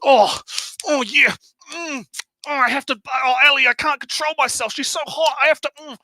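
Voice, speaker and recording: A man's voice: very high-pitched, moderate pace, bright, forceful tone, no echo, voice pushed up. A man mockingly voicing a breathless, overexcited man who cannot control himself. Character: man overcome by lust for anime girl.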